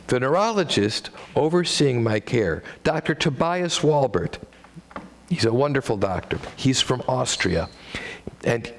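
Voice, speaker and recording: A man with a Midwestern American accent delivers a one-man stage monologue full of wry, self-deprecating dad jokes. His creaky voice jumps in pitch for comic emphasis.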